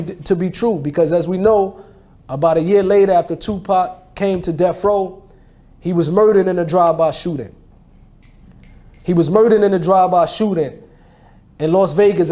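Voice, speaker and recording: A man's voice: sits high, dark tone. A man in his forties from New Jersey with a New Jersey accent tells his life story in casual street slang, often repeating and restarting phrases. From New Jersey, USA. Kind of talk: conversational testimony.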